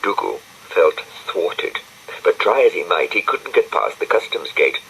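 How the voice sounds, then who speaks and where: A man narrates a children's storybook with gentle, dry timing. His voice is very deep and the pace slow, with plenty of expressive rise and fall. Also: slightly rough, poor audio. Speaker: audiobook narrator.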